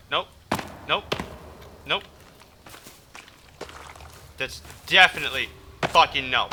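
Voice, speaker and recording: A man's voice: on the high side, sharp tone, a little hiss or hum. A man doing let's play commentary, swearing constantly and yelping in panic at enemies over game sounds. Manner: profane, panicky, yelps and curses at enemies. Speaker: gaming YouTuber.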